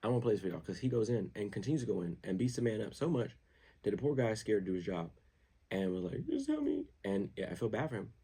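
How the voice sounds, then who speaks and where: A husky-voiced man hosts his own show, riffing on sports in loose slang. He is animated and hammers points home by repeating words over and over. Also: on the low side, fast talker. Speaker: show host. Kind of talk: casual sports commentary.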